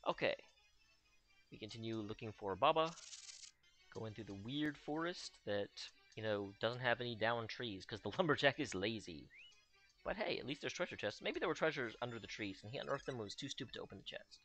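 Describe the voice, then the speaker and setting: A man's voice: medium pitch, lively intonation, fairly quick, a bit bright. A young man chatting through a game playthrough with a sarcastic, joking edge. His voice swings widely up and down as he reacts, and faint game music runs underneath. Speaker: let's play host. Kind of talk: casual gameplay commentary.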